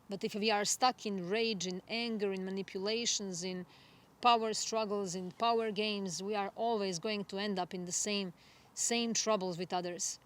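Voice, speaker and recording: A woman astrologer giving a spiritual forecast monologue, gentle and reflective, unhurried and earnest. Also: mid-range voice. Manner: gentle, reflective, soft laughs.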